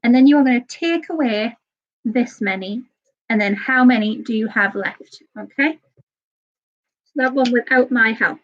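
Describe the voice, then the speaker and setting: A woman teaching a live online maths lesson to young children, patient and a little nervous, checking in with "okay?" often. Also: fairly high pitch. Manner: patient, repeats "okay?" often, talks a bit fast and nervous. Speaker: early years teacher. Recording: slightly dull lo-fi sound.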